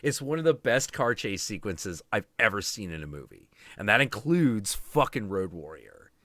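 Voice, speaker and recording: A man with a bright, forward voice chats casually on a stream, swearing freely and laughing as he tells his story. The sound is close and dry, with no room around it. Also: lowish voice, normal speed, no room sound. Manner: animated, profane, laughing storyteller. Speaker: stream host. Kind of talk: casual chat.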